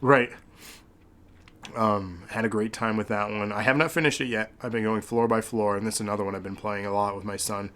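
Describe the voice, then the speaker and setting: A man's voice: lowish voice, fairly even intonation, fairly quick, a bit bright. A man hosting a podcast, chatting casually in a rambling, sentimental way with many fillers. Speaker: podcast host.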